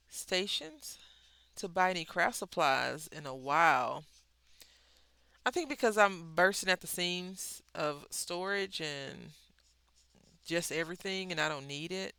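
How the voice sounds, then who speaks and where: A coloring channel host chatting casually while coloring, rambling, correcting themselves and offering gentle encouragement. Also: mid-range voice, clear, resonant tone, dry recording.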